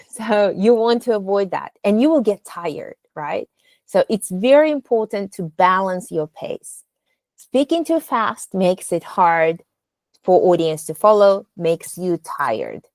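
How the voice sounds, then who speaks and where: A woman's voice: medium pitch, lively intonation, slow, darkish tone, no room sound. A woman coaching speech delivery, explaining patiently step by step and demonstrating rising and falling intonation on example phrases. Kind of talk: instructional lesson on delivery.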